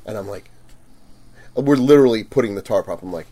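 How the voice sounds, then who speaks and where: A man telling stories in a casual chat, animated, laughing and acting out quotes loudly. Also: deep voice, normal speed, long pauses, a little hiss or hum. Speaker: guest vendor.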